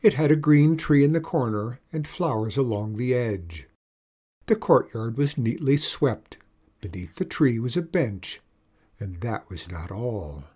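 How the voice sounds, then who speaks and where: Man reading a storybook aloud, slowly. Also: mid-range voice, slightly rough. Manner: expressive, slow storybook reading.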